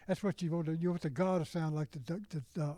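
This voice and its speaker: A man's voice: fairly high pitch, steady tone, fast, warm tone, no room sound, low-quality recording. An older man with a Southern US accent, a music teacher rambling informally to fellow educators and singing rhythm syllables to demonstrate.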